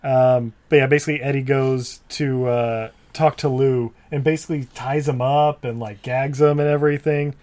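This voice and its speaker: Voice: mid-range voice, steady tone, moderate pace, few pauses, darkish tone. A podcast host walks through the plot scene by scene. The delivery is loose and casual. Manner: loose, filler-heavy recapping. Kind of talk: casual chat, recapping scenes.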